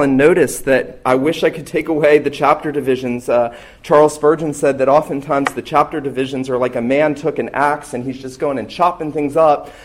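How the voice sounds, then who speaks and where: Earnest man preaching a sermon. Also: medium pitch. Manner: earnest, emphatic preaching with slow stressed phrases. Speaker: pastor.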